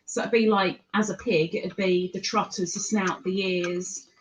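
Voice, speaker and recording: A woman's voice: mid-range voice, steady tone, unhurried, a little hiss or hum, poor audio. A woman with an English accent chatting casually and playfully on a live stream. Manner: chatty, playful, jokes around.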